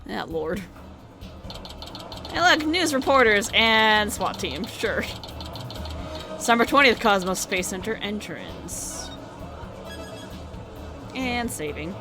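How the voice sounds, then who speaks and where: A woman streaming a game, reacting loudly, swearing and reading lines aloud. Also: medium pitch, big pitch swings, slow, long pauses, over music. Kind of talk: casual game playthrough commentary.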